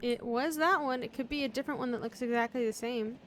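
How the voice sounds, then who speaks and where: A woman's voice: on the high side, quick pace, a bit bright, a little hiss or hum. Exclamatory woman streaming a game. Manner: exclamatory, groans and swears at puzzles. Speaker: streamer playing a puzzle game. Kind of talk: casual gaming chat.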